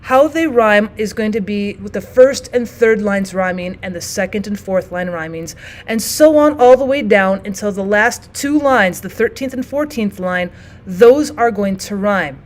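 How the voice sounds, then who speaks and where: A woman teaching a lesson on poetry, explaining each form step by step and reading example poems aloud slowly. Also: mid-range voice, expressive. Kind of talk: classroom lesson.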